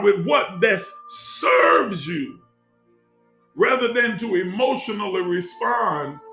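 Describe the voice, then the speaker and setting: Male preacher, high and gravelly, unhurried, builds to shouts with repeated phrases, soft music behind. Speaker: teacher of a spiritual group. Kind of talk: fervent spiritual teaching.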